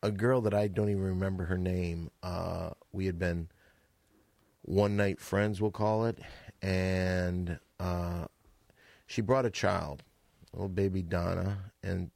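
A man hosting a comedy podcast, telling stories in a deadpan, mock-serious way. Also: low-pitched, measured pace, gravelly, dry recording. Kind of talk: improvised comedy chat.

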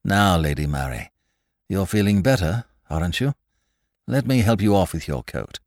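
A man voicing an earnest, somewhat flustered gentleman detective in an audiobook, polite and anxious. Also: sits low, expressive, normal speed, dry recording, clean studio sound. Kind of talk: audiobook character voice.

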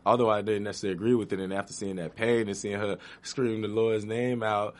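A man on a studio chat panel giving his opinions in an animated, storytelling way. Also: on the low side, quick pace. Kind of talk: casual chat.

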